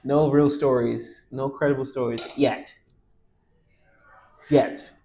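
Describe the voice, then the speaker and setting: A man's voice: mid-range voice, steady tone, slow, dark tone, a little hiss or hum. A man co-hosting a podcast in casual chat. He teases, asks pointed questions and laughs often. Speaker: podcast co-host.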